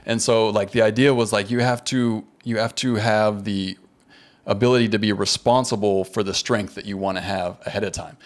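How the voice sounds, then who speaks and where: A man with a fairly low voice talks in a relaxed podcast chat. He is careful and self-correcting, and often repeats a word while he searches for the right phrasing. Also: moderate pace. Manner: careful, self-correcting, restarts words when thinking. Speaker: podcast host. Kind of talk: casual conversation.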